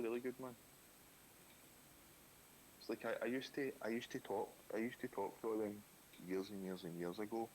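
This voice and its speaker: A man's voice: deep voice, poor audio. A Scottish man in his thirties chatting casually while drawing on a live stream, laid-back and easygoing. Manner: laid-back, says aye and wee a lot. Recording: faint hiss.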